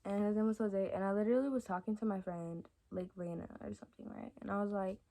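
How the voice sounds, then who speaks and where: A young adult woman vlogger telling stories to camera in a casual, rambling way, with lots of fillers and soft asides. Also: mid-range voice, steady tone, quick pace. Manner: chatty and rambling, many fillers like "like" and "y'all". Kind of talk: casual storytime chat to camera.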